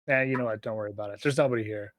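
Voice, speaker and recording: A man's voice: on the low side, steady tone, very fast, a bit bright, no room sound, clean studio sound. A man narrating a tabletop game as game master, hesitant and full of fillers and restarts.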